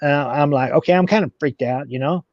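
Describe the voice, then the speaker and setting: A man telling a long story as an interview guest, halting and repeating himself as he goes. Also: fairly high pitch, dry recording. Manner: halting, repeats words and restarts. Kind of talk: casual storytelling. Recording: dull, dry audio.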